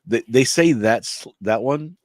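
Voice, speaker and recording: A man's voice: mid-range voice, expressive, slow, no echo. A man co-hosting a casual podcast, rambling through his opinions with restarts and chuckles. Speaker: co-host.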